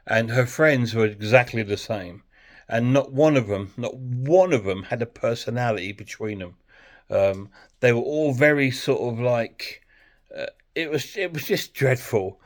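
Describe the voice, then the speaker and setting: Guy rambling through a blunt film review, mid pitched voice, chatty. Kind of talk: casual film review vlog.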